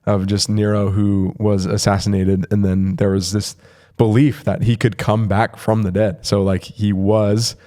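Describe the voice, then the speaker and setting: A man's voice: on the low side, flat delivery, unhurried, mellow. A man co-hosting a church podcast, chatting casually about the Bible, laughing often and reading scripture aloud. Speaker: pastor and podcast co-host. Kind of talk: casual Bible study chat.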